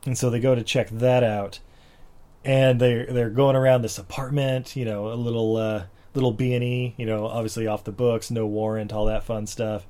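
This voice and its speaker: A man casually recapping a movie plot in a chat, rambling with lots of fillers and jumping into high-pitched voices for characters. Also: flat delivery, moderate pace, dark tone.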